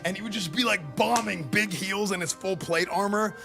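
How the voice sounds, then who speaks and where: Excitable rambling male streamer. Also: high-pitched, normal speed, vocal fry, music in the background. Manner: excitable, rambling, filler-heavy with repeated words. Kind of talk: live-stream commentary reacting to game questions.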